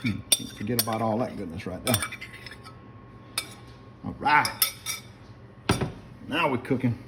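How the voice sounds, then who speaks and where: A man's voice: medium pitch, expressive, unhurried, heavy background noise. A middle-aged man with a South Louisiana accent, chatting folksily to viewers while he cooks in his home kitchen. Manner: folksy and chatty, keeps addressing viewers as guys. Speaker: home cook. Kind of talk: casual cooking demonstration. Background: pots and utensils clinking.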